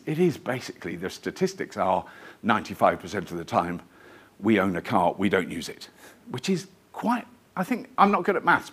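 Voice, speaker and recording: A man's voice: medium pitch, breathy edge. A man giving a live lecture to an audience in a museum lecture theatre, telling stories in a chatty, rambling, self-deprecating way. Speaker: guest lecturer.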